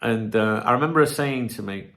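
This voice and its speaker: A man's voice: medium pitch, fairly quick. A middle-aged man hosting a football channel, talking casually to his viewers in a cheeky, swear-filled rant. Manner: swears a lot, animated and cheeky. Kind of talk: casual ranting chat to viewers.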